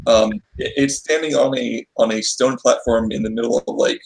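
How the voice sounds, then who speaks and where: A man's voice: medium pitch, moderate pace, vocal fry, few pauses, darkish tone, rough recording. A man playing a tabletop game, hesitantly describing his character's actions with many restarts. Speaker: player.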